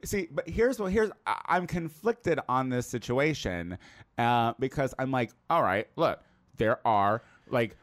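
Chatty rambling man with a lively voice. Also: mid-range voice. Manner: chatty, rambling, quick to laugh. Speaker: podcast co-host. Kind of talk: casual comedic banter.

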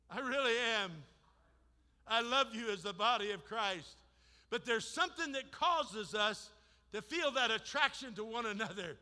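Male preacher, high voice, shouts then hushes, reverberant church hall. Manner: impassioned, swings from shouting to hushed. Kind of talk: sermon. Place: church sanctuary.

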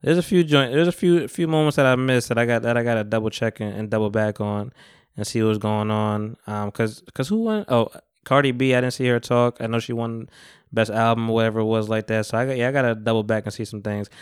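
A man's voice: mid-range voice, a little fast, clear, resonant tone, no echo, clean studio sound. A young man hosting a podcast, talking in a loose, rambling way with plenty of slang and cursing. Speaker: podcast host. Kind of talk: casual chat.

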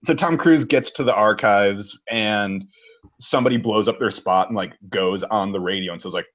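A man co-hosting a podcast, telling a movie plot in a casual, animated way and swearing freely. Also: lowish voice, normal speed, lo-fi sound. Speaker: podcast co-host. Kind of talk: casual movie recap chat.

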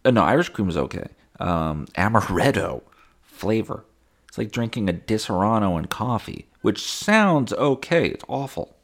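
Young male podcast host, low-pitched, profane, rambling, deadpan sarcasm with mock voices. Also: moderate pace. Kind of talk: casual solo podcast monologue.

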